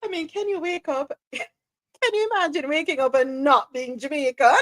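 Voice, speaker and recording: A woman's voice: high voice, moderate pace, a bit bright. A woman hosting a live talk show, chatty and teasing, often laughing as she talks. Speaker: show host. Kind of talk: lively live-show banter.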